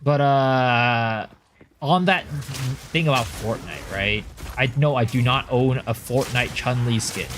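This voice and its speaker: A young man streaming games, chatting casually and telling long rambling stories full of fillers, getting loud and exasperated when he rants. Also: medium pitch, slow, slight background noise. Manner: rambling anecdotal storytelling with many fillers. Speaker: game streamer. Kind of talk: casual live-stream chat.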